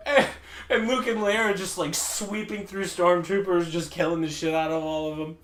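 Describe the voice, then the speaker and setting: A man's voice: high voice, fairly quick. A man retelling a comic story on a casual podcast, laughing often and acting out the characters' lines. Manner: animated retelling, laughs often, acts out quotes in raised voices. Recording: roomy echo.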